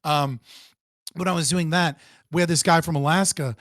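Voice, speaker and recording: A man guest in a casual political debate, animated and profane, who often restarts his sentences. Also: a little high, normal speed, dry recording.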